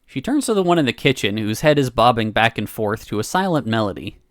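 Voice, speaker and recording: A woman's voice: a bass voice, sing-song, quick pace, no echo, studio quality. A woman streamer reading a narrative game aloud, giggling and reacting between lines.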